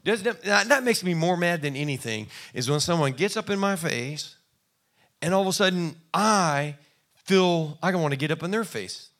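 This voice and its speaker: A man's voice: fairly high pitch, lively intonation, moderate pace, fairly bright tone. A man preaching a sermon in a conversational, folksy way, acting out little quoted exchanges. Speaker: pastor.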